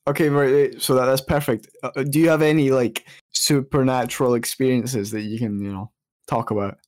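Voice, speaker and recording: A man's voice: medium pitch, fairly even intonation, fairly quick, a little mellow, dry recording. A young man hosting a podcast, chatty and jokey with frequent swearing. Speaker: podcast host. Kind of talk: casual podcast chat.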